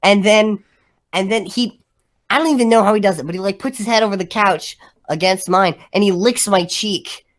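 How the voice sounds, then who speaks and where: A young woman with a medium-pitched voice co-hosts a podcast, telling stories at a moderate pace. She chats casually and rambles, dropping "like" again and again.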